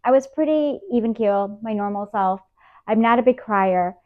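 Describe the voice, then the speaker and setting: A woman's voice: on the high side, normal speed. A woman in her thirties, an interview guest, candidly recounting a hard personal experience and acting out the dialogue. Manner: emotional, animated retelling with quoted dialogue. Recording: tinny phone-like sound.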